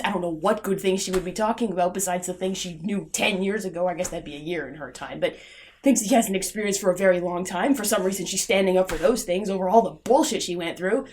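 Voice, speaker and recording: A young woman vlogger ranting sarcastically and in exasperation about a film, swinging from loud outbursts to low muttering. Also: fast.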